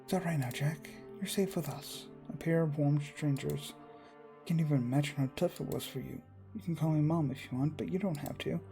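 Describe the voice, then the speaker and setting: A man doing a gentle soothing mother. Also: on the high side, a little fast, gravelly, soft background music. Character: gentle adoptive mother, kind and reassuring.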